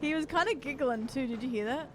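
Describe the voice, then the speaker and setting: A woman's voice: high-pitched, fast, over music. A woman streamer chatting casually and jumpily with her viewers while she plays a game. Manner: chatty, jumpy, talks to chat while playing. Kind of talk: casual live-stream chat while gaming. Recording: noisy game stream audio.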